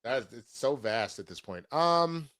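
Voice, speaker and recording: A man's voice: medium pitch, animated, measured pace, a bit bright. A man hosting a casual show, reading viewer comments aloud in a laid-back way. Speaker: show host reading live chat. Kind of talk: casual chat.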